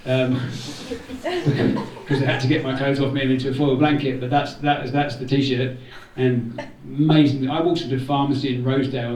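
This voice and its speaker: This organiser's thank-you to the group is informal, slightly rambling and dotted with jokes. He has a medium pitch, fairly even intonation and a moderate pace, with a somewhat mellow quality. Slight background noise accompanies a distant recording in a spacious indoor community room.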